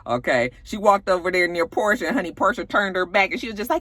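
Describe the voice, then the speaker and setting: A woman's voice: mid-range voice, expressive, quick pace, few pauses, a bit bright. Sassy woman recapping reality TV. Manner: sassy, profane, acts out quotes in voices. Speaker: TV recap vlogger. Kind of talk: casual chat recapping a reality show.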